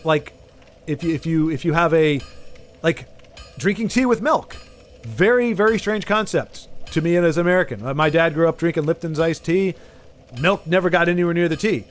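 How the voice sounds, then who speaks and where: Streaming a game, this Texan man talks loosely to his audience in a fairly high voice at a moderate pace. His Southern accent is clear, and he tends to wander, trailing off partway through ideas before beginning again.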